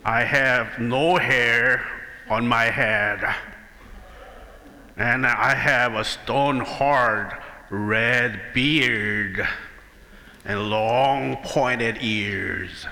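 A man voicing an angry, hungry giant troll that lives under a bridge, speaking slowly and gruffly in a reverberant hall. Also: medium pitch, bright, forceful tone, heavily acted. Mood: describing himself.

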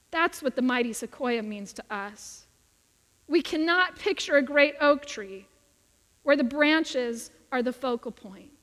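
A woman's voice: high voice, a bit bright. A woman preaching a sermon with an earnest, emphatic delivery in a church sanctuary. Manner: earnest, emphatic, acts out quoted voices. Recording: long hall reverb.

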